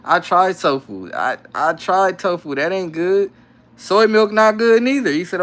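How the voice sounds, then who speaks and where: A man's voice: high-pitched, unhurried, a bit bright. Laid-back slangy man on a home live stream. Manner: laid-back slangy banter, laughs often. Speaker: livestream host. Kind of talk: casual live stream chat reading comments. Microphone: phone.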